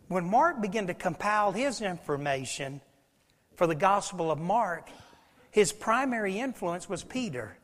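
Male pastor, high voice, animated sermon, long church reverb. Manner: animated storytelling, swings from loud to hushed.

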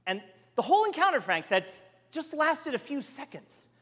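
Male preacher, story-driven sermon, lively pitch, large reverberant hall. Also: normal speed. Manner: animated storytelling, voicing the characters.

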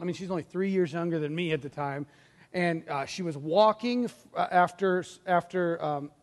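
A middle-aged male pastor with a high-pitched voice preaches in a church sanctuary. He tells stories in an animated way and slips into the voices of the people in them. A long reverb trails his words around the hall. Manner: animated storytelling, acts out quoted voices. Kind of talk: sermon.

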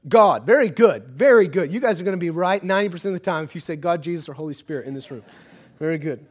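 A man with a high voice preaching to a congregation. He asks the room questions and banters with them. His delivery moves between hushed, earnest passages and loud, urgent calls to act. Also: lively intonation, quick pace, breathy edge. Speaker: pastor. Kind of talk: sermon.

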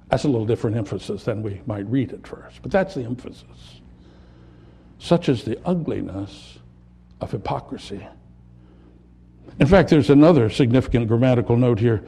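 A man preaching a sermon, building to impassioned peaks and dropping to quiet, reflective lines. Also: mid-range voice, lively intonation, moderate pace, husky. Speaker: pastor.

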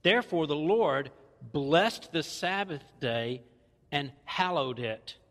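A man's voice: a little high, animated, takes it slowly, fairly bright tone, in a large hall. A man with a Southern US accent preaching a sermon, folksy and conversational with playful asides. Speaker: pastor. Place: church.

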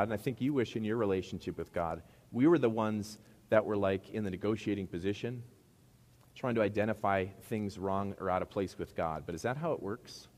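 A man with a Midwestern accent preaching a sermon to a congregation in a middle school hall, talking conversationally and asking them rhetorical questions. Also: on the low side. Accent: Midwestern American. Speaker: pastor.

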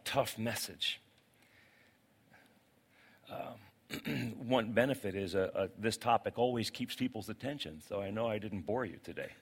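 A man preaching a sermon in a church sanctuary, with a voice at an ordinary middle pitch. He moves from loud, rising exclamations to soft, urgent pleading. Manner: animated preaching, swings from loud outbursts to quiet pleading. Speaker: pastor.

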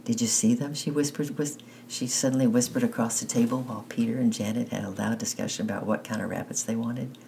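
A man reading a children's story aloud in an unhurried way, with small slips and restarts. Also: medium pitch, steady tone, vocal fry, dark tone, slight background noise, poor audio. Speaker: narrator.

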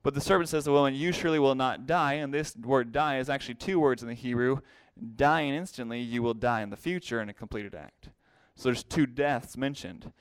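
A man's voice: mid-range voice, brisk, few pauses, smooth, no room sound. Man teaching a Bible class, dry sound. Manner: explanatory, repeats key phrases for emphasis. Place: classroom with a whiteboard.

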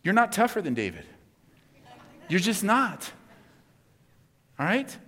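A man preaching a conversational sermon in a casual, chatty way, full of asides and quick "right?" checks with the congregation. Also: sits high, huge pitch swings, sharp tone. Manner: casual, chatty, many asides and tag questions. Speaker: pastor. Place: church sanctuary. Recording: long hall reverb.

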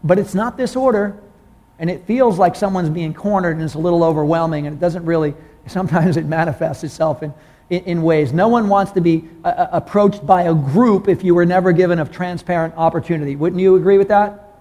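A man pastor preaching a sermon in a casual, conversational way, asking the congregation questions and rising in pitch when he gets excited. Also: brisk. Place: church room with congregation.

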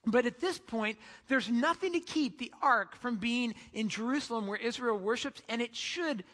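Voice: medium pitch, normal speed, fairly bright tone, in a large hall. A preacher giving a sermon in a casual, storytelling way.

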